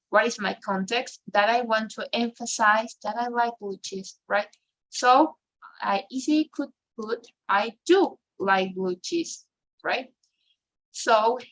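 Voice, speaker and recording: A woman's voice: mid-range voice, a bit bright, rough recording. A woman teaches an English grammar class. She keeps checking in with a questioning "right?" and sometimes switches into to explain. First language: Spanish. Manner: mixes in Spanish, ends phrases with "right?".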